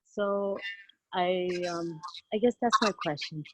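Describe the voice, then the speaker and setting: A hesitant woman in her forties asks a question at a workshop, stopping and restarting her sentences. Her voice is a little low for a woman. A clear background noise with clicks runs under her. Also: slow pace, poor audio. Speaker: workshop participant asking a question. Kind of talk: casual question.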